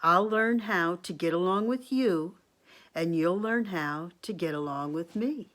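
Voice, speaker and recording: A woman voicing a frustrated storybook king who coaxes and bargains, in her own slow reading voice. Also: on the low side, a bit bright. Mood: coaxing. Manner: coaxing, bargaining. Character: frustrated king in a picture book.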